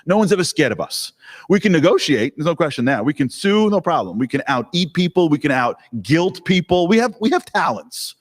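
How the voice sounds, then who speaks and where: A man giving a live talk to an audience, telling stories in an animated, joking way. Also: on the high side, fairly quick. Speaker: speaker. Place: hall with an audience. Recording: long hall reverb.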